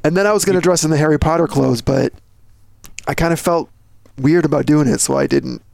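A man chatting casually on a podcast in a laid-back, deadpan way. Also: a little high, a little fast, creaky, dry recording. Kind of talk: casual chat.

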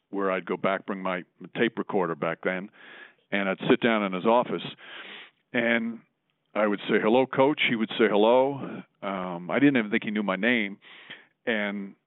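Brief: measured male broadcaster, lowish voice, dry phone-quality audio. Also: no echo. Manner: measured, fills pauses with "um". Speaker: sports broadcaster, guest. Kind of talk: casual storytelling.

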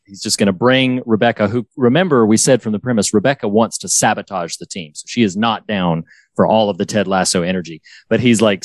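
A man's voice: on the low side, darkish tone, no room sound. A man co-hosting a podcast in casual chat, eagerly retelling favourite scenes and quoting lines. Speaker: podcast co-host.

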